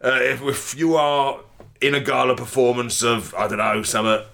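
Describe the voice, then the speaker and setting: A man's voice: mid-range voice, flat delivery, moderate pace, vocal fry, a bit bright. A man hosting a comedy show, leading crude improv games with playful, bawdy banter. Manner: crude, playful, putting on mock Cockney lines. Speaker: podcast host.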